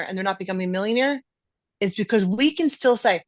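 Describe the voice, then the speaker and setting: A woman's voice: mid-range voice, a little fast, no room sound, clean studio sound. Emphatic middle-aged woman podcast host. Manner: emphatic, stresses words. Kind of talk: casual podcast conversation.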